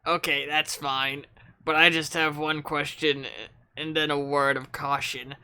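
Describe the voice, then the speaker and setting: Man voicing a nerdy teen boy, webcomic chat read aloud, snarky, bright, smooth. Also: a little high, little pitch movement, measured pace. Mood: wry.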